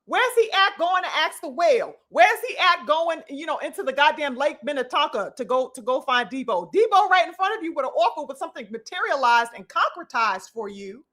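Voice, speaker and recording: A woman rants about boxing on a live stream in a very high, bright, sharp voice, a little fast with hardly any pauses and big pitch swings. She hammers her point with profanity and stacked rhetorical questions, addressing listeners as brothers and sisters like a preacher working a congregation.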